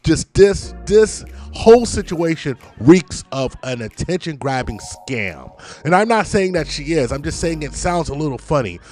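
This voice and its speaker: Male commentator, slightly high voice, sarcastic with rhetorical questioning. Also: lively intonation, normal speed, a little mellow, soft background music. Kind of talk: video commentary.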